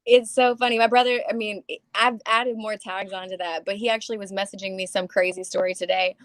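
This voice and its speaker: A woman, a comic and writer, chatting casually as a guest, rambling and animated as she tells stories. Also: medium pitch, a little fast, no echo. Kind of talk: casual chat.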